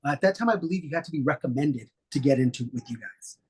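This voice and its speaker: Husky-voiced man telling stories. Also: a little high, fast. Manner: relaxed, rambling, many fillers. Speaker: guest. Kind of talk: casual storytelling interview.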